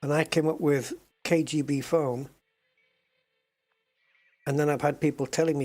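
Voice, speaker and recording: A man's voice: a little high, normal speed, pauses often, warm tone. A man chatting casually and joking with viewers while live-streaming a space game.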